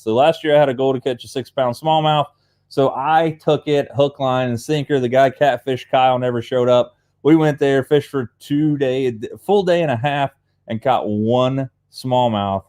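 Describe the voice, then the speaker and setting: Young male host, Appalachian accent, rambling casual livestream chatter, mid-pitched voice. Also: normal speed, a little mellow. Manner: rambling and chatty, reads viewer comments aloud. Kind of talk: casual live chat.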